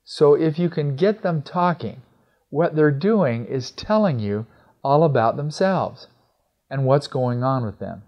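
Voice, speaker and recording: A man's voice: a little high, lively intonation, measured pace. A middle-aged man giving an instructional talk on communication skills in a conversational way, often acting out bits of dialogue. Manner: conversational, acts out quoted dialogue. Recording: slightly dull, lo-fi recording.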